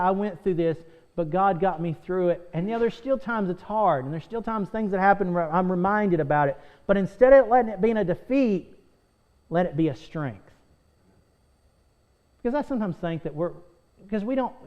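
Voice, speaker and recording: A pastor with a high-sitting voice teaches a Sunday School lesson, earnestly reading scripture aloud and repeating phrases for emphasis. The preaching is heard through a muffled recording.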